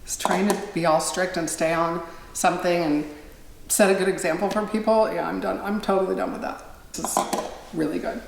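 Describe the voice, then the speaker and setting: A woman's voice: on the low side, steady tone, brisk, gravelly, slight background noise. A middle-aged woman vlogging in a casual, rambling, self-deprecating chat to her viewers. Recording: roomy echo, faint ambience.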